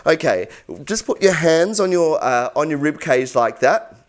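A man's voice: a little high, lively intonation, measured pace. A young man teaching singing in an easygoing, encouraging way. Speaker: vocal coach. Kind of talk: instructional tutorial.

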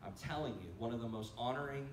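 A man preaches to a conference crowd, telling stories and jumping into animated quoted voices. He sounds set back from the mic in a roomy church hall, with faint noise underneath. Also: medium pitch, fast talker, recorded from a distance. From United States. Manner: storytelling, animated quotes, laughing asides. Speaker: pastor. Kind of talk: conference sermon. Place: church sanctuary.

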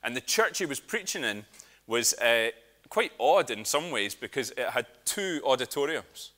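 A man with a Scottish accent preaches a sermon in a medium-pitched voice at a moderate pace. He tells stories in a lively way, with humour and asides.

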